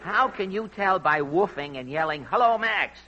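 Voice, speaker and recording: A man's voice: a little high, normal speed, pushed and bright, lo-fi sound. A man hosting a 1940s radio comedy show, with a dry, exasperated, wordy comic delivery. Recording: old radio broadcast with faint hiss.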